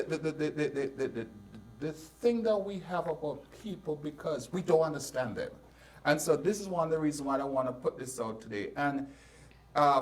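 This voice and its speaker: A man with a Jamaican accent hosting a casual panel talk, telling stories with lots of restarts. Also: a little high. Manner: animated storyteller, lots of restarts. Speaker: host. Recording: voice a bit far from the mic.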